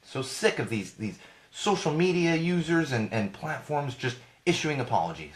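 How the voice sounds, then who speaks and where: A man hosting a live podcast, rambling and indignant in a casual rant, his voice going hoarse. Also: on the high side, very animated, moderate pace. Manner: rambling, indignant, self-correcting. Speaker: podcast host.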